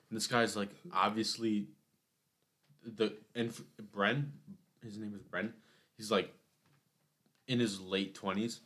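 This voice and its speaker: Low-voiced young man, easygoing. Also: unhurried, pauses often. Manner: laid-back listener, animated when retelling a video. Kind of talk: casual chat.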